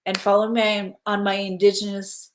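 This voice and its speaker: A woman hosting a casual spiritual stream, guiding listeners through breathing and giving gentle advice, often checking in with "okay?". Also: medium pitch, level tone, moderate pace, slight background noise. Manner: soothing, repeats "okay?" to check in. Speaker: spiritual live-stream host. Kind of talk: casual guided spiritual talk.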